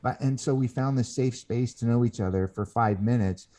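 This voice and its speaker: This man's voice sits in the mid range and sounds mellow. He's a podcast guest author spinning an earnest tale, voicing the people he quotes while stumbling and starting his sentences over again and again.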